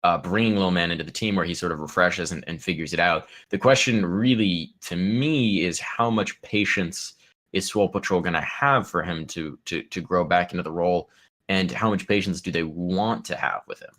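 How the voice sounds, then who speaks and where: A deep-voiced man co-hosting a gaming podcast from home over a desk mic. He talks in a loose, rambling way, trailing off and circling back to his point. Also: moderate pace, a bit bright. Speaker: podcast co-host. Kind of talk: casual podcast chat.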